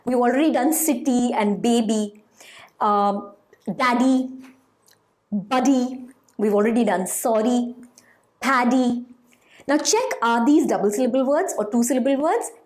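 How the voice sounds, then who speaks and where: A woman teaching a phonics lesson to children, slowly sounding out example words and asking questions. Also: on the high side. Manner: slow, lively, sounding out words.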